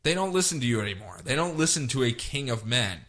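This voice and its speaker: A man voicing a menacing male sea-monster king who speaks slowly and accusingly. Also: medium pitch, sing-song, fairly bright tone.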